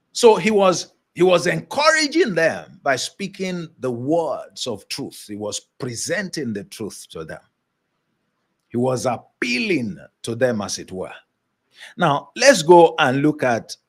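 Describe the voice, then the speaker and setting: A man's voice: medium pitch, a bit bright. A man giving a motivational leadership lesson in an emphatic, preacher-like way, repeating his key points. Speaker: leadership coach.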